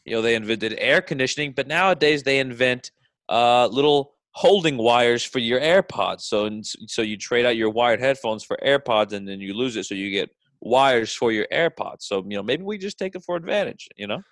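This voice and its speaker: A man co-hosting a casual podcast chat, delivering wry, deadpan remarks. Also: medium pitch, moderate pace, dry recording, clean studio sound. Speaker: podcast co-host.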